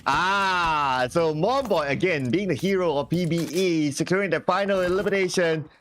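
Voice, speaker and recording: A man with a Southeast Asian accent calls an esports shooter match in a raised, high voice, firing off eliminations one after another. Gunfire and game sounds are clearly audible behind him. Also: a bit bright, slight background noise. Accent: Southeast Asian English. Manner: rapid-fire calling of eliminations. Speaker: esports caster. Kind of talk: live esports play-by-play commentary.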